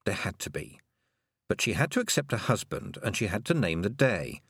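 A man narrating an audiobook with expressive storytelling. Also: lowish voice, moderate pace, slightly rough, no room sound, clean studio sound. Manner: expressive storytelling, many voices. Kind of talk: audiobook reading.

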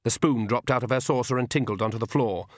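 A man reading a novel aloud in measured, steady scripted narration. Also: mid-range voice, no room sound, clean studio sound. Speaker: audiobook narrator.

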